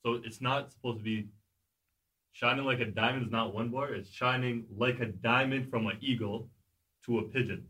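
A man slowly musing through a casual explanation. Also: medium pitch, fairly even intonation, bright, forceful tone, slightly rough.

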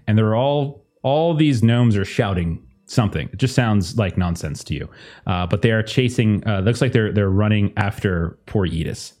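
A man's voice: lowish voice, expressive, moderate pace, darkish tone. A man running a tabletop game as game master, narrating loosely with many fillers.

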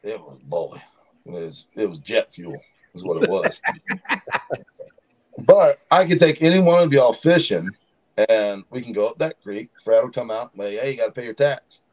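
A man telling animated stories as a podcast guest in a studio. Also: on the low side, moderate pace, low-quality recording. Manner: animated storyteller, acts out quotes. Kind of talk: casual storytelling.

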